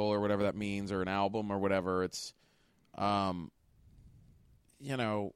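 A man's voice: lowish voice, normal speed, smooth, no room sound, studio quality. A man from Pittsburgh, a comedian, talking casually on a podcast and acting out quoted lines. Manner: animated, acts out quoted lines.

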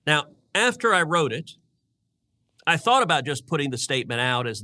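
Middle-aged man, senator co-host; bright, forceful delivery with earnest, stumbling repeats. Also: on the high side, sing-song, normal speed. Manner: earnest, repeats words while building his point. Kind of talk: casual political podcast talk.

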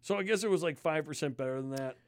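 Brief: male podcast host, slightly high voice, animated profane ranting, dry close mic. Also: quick pace, dry recording. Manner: animated, swears constantly, disgusted ranting. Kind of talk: casual profane storytelling.

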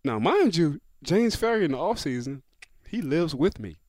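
Ex-player co-host, animated raconteur, voice leaps around, dry mic. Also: male voice, moderate pace, dry recording. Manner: animated storyteller who acts out quotes, jumping high and dropping low. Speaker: co-host, former football player. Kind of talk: casual storytelling chat.

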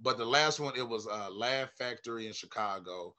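Male stand-up guest, bright edgy voice, loose profane storytelling. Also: medium pitch, normal speed. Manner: animated, profane, acts out quoted voices loudly. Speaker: stand-up comedian, podcast guest. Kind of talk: casual storytelling chat.

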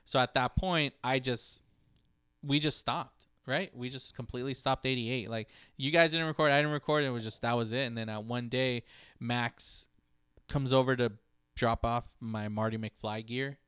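A man's voice: mid-range voice, steady tone, normal speed, fairly bright tone, clear, resonant tone, dry recording, studio quality. A man co-hosting a podcast, telling rambling stories in casual chat and acting out voices. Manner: rambling storyteller, acts out voices. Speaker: podcast co-host.

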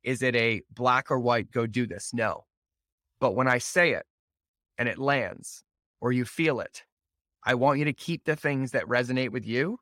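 A man at a middle pitch hosts a solo motivational podcast. He speaks in an earnest, emphatic way and repeats words for weight. The sound is close and dry, with no room around it. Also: a little slow, pushed and bright, dry recording. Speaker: podcast host.

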